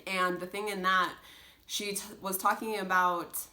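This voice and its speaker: A woman's voice: mid-range voice, flat delivery, unhurried, pushed and bright. A young woman talking casually as a homeschooling mom, earnest and rambling, full of restarts and "like". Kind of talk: casual chat.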